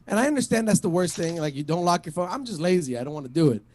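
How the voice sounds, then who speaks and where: A man's voice: high-pitched, expressive, very fast, a little mellow. A man doing a stand-up set at an online open mic, rambling and profane, full of fillers and restarts. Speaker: stand-up comic.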